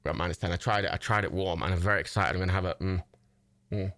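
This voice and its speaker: A man's voice: sits low, fairly even intonation, racing, fairly bright tone. A young man chatting on a livestream, swearing a lot, rambling and laughing often. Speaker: livestream host. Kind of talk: casual chat.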